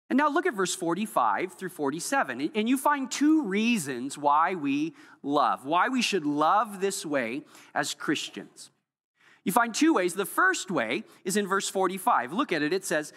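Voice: medium pitch, very animated, measured pace. Emphatic preacher in a reverberant hall. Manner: emphatic, swings between soft and loud. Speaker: pastor. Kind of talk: sermon.

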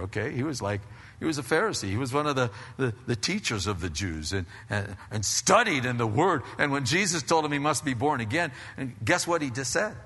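A man preaching a sermon in a lively, conversational way, often repeating words and adding casual asides. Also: mid-range voice, husky. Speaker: pastor. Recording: long reverb of a large hall.

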